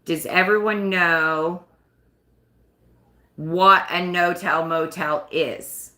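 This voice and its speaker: Low-pitched woman rambling on a live stream, bright forceful voice, echoey room. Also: steady tone, very slow. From United States. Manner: chatty, rambling, self-conscious. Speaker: livestream host. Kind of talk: casual live chat.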